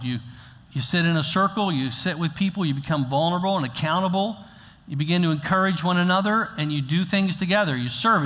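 A man's voice: on the high side, fairly bright tone, long reverb tail. An older man preaching a sermon as pastor, talking to the congregation in a conversational way that rises into emphatic exhortation.

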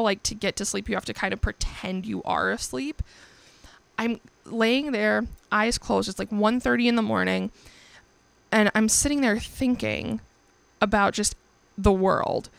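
A young woman with a gravelly, creaky edge to her voice talks casually through her own podcast. She is candid and profane and laughs often, and the sound is dry and close with no room behind it. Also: mid-range voice, fairly bright tone, dry recording. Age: young adult. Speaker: podcast host. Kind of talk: casual solo podcast chat.

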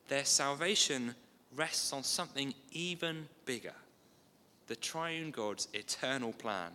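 A man preaching a sermon in a conversational way, with asides and gentle humour. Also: medium pitch. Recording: long hall reverb.

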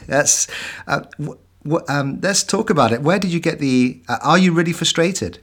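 A man's voice: a little high, moderate pace, fairly bright tone. A man hosting a podcast interview in an upbeat, chatty way. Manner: upbeat, chatty, laughs while reading aloud. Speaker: podcast host. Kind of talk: casual interview.

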